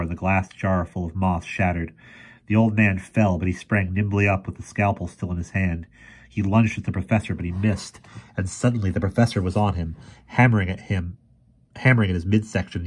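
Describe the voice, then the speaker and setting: A man reads a novel aloud in a steady, measured way. His voice sits very low and carries a husky grain. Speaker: storyteller.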